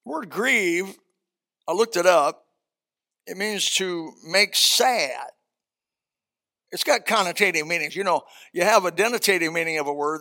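An older man with a high-pitched voice preaching to his congregation. He reads scripture slowly, then slips into folksy stories. His speech stays plain and conversational between the readings. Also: sharp tone. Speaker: pastor. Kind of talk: sermon.

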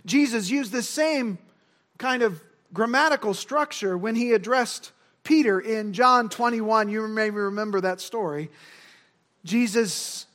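A man's voice: high voice, a little slow, a bit bright. A man preaching an expository sermon, emphatic, repeating key words for stress. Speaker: pastor.

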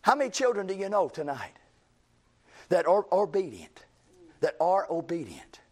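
A man's voice: sits high, sing-song, moderate pace. A male preacher, delivering a sermon in a church with a repetitive, emphatic cadence.

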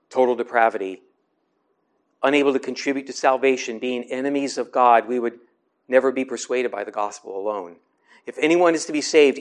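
Man preaching a measured teaching sermon. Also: mid-range voice. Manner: measured, explanatory, slows to stress scripture.

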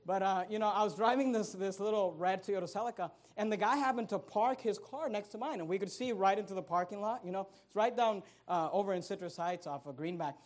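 Male pastor, middle-aged, chatty sermon storyteller who builds to shouted emphasis. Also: high-pitched, a little fast, hardly any pauses. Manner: conversational storytelling, building to loud emphatic peaks.

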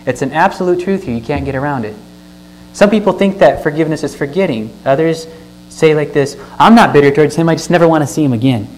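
Earnest preacher teaching from scripture. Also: male voice, on the high side, quick pace, low-quality recording. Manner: earnest teaching, stresses words, asks the listeners questions. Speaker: pastor. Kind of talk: sermon with scripture reading. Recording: faint mains hum.

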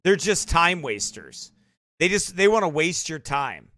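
A male preacher with a high, bright voice who talks in a lively, animated way. He is emphatic and mocking as he comments for a livestream audience. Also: measured pace. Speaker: pastor.

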